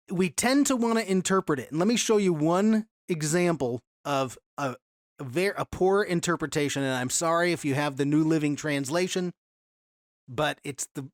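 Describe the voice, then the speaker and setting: A man's voice: a little high, dry recording. Conversational male Bible teacher, dry sound. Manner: conversational, reads scripture aloud with emphasis, asks rhetorical questions.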